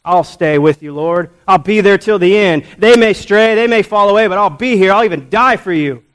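A man's voice: fairly high pitch, fairly even intonation, a little slow, dry recording, lightly acted. A man speaking as an impulsive, loyal disciple who swears he will stay to the end. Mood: vowing. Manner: earnest, vowing.

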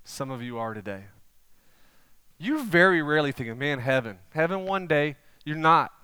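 A man, preaching a sermon and telling stories conversationally with sudden animated swells. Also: on the high side, moderate pace, smooth, no echo. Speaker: pastor.

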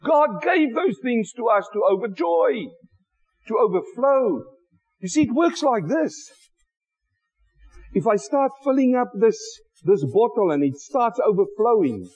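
A male preacher with a notably high voice delivers a fervent sermon from a church pulpit. He pounds out rhetorical questions, rises into loud exclamations, then drops to low, confiding asides. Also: rough recording.

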